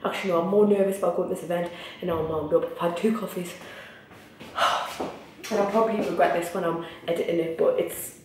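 A young Newcastle vlogger with a Geordie accent talks a little fast in a fairly low voice with fairly even intonation. Swearing freely, she rants and chats candidly while getting ready on camera. The sound is distant, noisy and full of echo.

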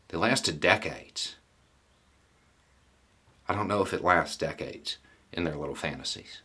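A middle-aged man delivers a solo commentary in a deep, husky voice. He talks bluntly and folksily, pausing deliberately and pressing his point with rhetorical questions. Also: sharp tone. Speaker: political commentator.

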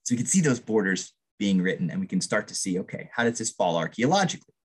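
A man lectures on archaeology to the public in a fairly low, husky voice that runs fast and sing-song. Hailing from Vermont's Northeast Kingdom, he's enthusiastic and often checks in with "right?".

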